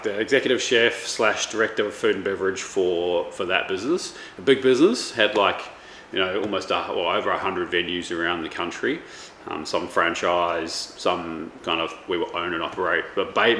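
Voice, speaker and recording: A deep, slightly bright male voice belongs to a chef and vlogger in his thirties who talks fairly quickly. He chats in a meandering way, often restarting and saying "um." The room is echoey, with faint background noise.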